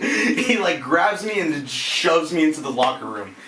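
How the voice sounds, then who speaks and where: A young man casually telling a work story, animated and laughing, full of fillers and swearing. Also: sits high, moderate pace, few pauses. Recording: echoey room from a distance, faint noise.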